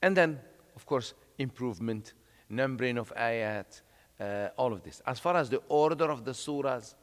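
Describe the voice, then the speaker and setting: A man delivers a religious lecture in a relaxed, explanatory tone, often pausing on fillers. His middle-pitched voice rings with the long reverb of a large hall. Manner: conversational, explanatory, with frequent "uh" and "you know".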